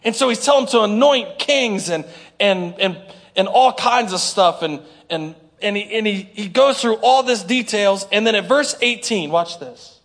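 A male pastor preaching a sermon, animated, acting out complaining prayers and drawing responses from the congregation. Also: high voice, normal speed. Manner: talks straight to the congregation with call-and-response.

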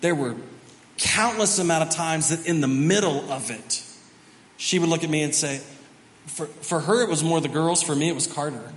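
A man, the pastor, telling a family story during a sermon, animated and self-mocking. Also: on the high side. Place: large church auditorium. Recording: reverberant hall, faint background noise.

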